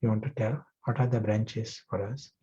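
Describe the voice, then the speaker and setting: A male spiritual teacher giving a class, reflective and gentle, telling a parable and asking his listeners questions. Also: on the low side, steady tone, moderate pace, breathy edge. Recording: muffled lo-fi recording.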